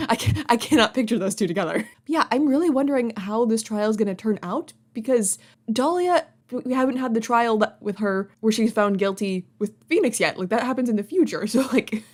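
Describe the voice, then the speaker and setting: Female let's-play host, higher voice, chatty and giggly. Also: animated, normal speed. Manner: chatty, giggly, reads game dialogue aloud. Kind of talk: video game let's play commentary.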